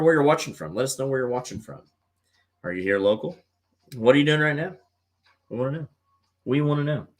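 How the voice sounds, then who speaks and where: A middle-aged man hosting a live call-in show in a casual, rambling way, full of fillers and repeats. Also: on the low side. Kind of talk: casual livestream chat.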